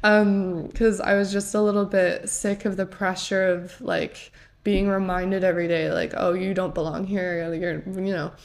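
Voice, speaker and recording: A woman's voice: mid-range voice, level tone, measured pace, vocal fry. A young woman from the United States, a guest on a podcast, chatting casually with lots of "like" and self-corrections. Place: pub.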